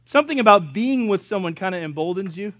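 High-voiced man preaching an animated sermon. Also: fast talker, dry recording. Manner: animated storyteller who acts out dialogue, bursting into loud exasperated rants. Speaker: pastor. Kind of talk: storytelling sermon.

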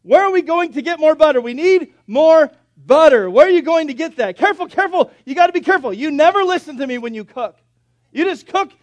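A man's voice: animated, fairly quick. A male preacher acting out a frantic nagging husband, shrieking panicked orders in a joke. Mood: frantic scolding. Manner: shrill, panicky scolding. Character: frantic nagging husband, middle-aged man.

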